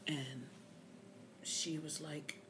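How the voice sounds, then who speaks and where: Low-voiced woman telling an angry story. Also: flat delivery, drawn-out words, background noise. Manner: indignant, swearing, rising to near-yelling at times. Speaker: vlogger. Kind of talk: casual storytelling vlog.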